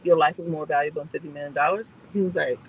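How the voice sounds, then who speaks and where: A woman driving instructor chatting casually in a moving car, telling stories and acting out the voices in them between calm, brief driving instructions. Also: low-pitched, fast talker, slight background noise, rough recording. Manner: animated storyteller who acts out the voices in her stories. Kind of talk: casual chat during a driving lesson.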